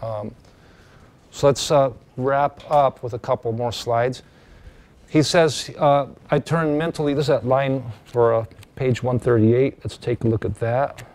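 A man teaching a class in a relaxed lecture voice. He thinks out loud and stumbles through restarts and fillers. His pitch sits in a middle range. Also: unhurried. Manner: conversational, with many fillers and restarts.

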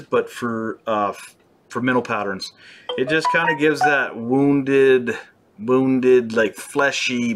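With a medium-pitched, fairly bright voice, a young Canadian man from British Columbia runs a laid-back fly-tying show, making self-mocking, playful jokes throughout the tutorial as he works.

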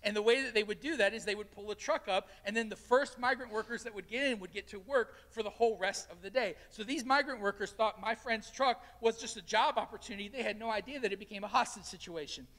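In a large church sanctuary, a pastor tells stories through his sermon and animatedly acts out the quotes. His voice is medium-pitched and fairly bright, and he talks fast with few pauses.

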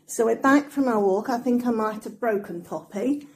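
A middle-aged woman narrating a casual home vlog and cooing at her dog in excited baby talk. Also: on the high side, normal speed, background noise. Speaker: dog owner filming her pet.

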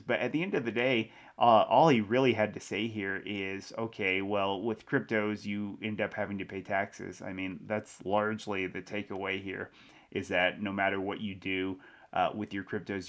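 A man hosting a crypto news show, reading an article aloud and adding casual commentary with small laughs. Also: on the low side.

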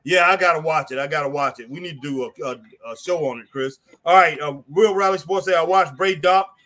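A man's voice: on the high side, fairly quick, bright, forceful tone. A man co-hosting a live wrestling watch-along, reading viewer comments and exclaiming at the action.

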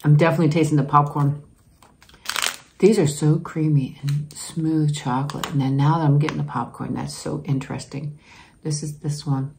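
Low-voiced lady doing a snack taste test, giggly and chatty, talking with her mouth full, faint hiss behind. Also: creaky. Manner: chatty, giggly, savoring food aloud while chewing. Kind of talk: casual taste-test chat to camera.

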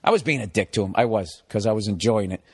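A comedian in his forties from America, telling a story in an animated, exasperated way, swearing constantly. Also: on the low side, quick pace, breathy edge, dry recording. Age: 40s. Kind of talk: profane comic storytelling.

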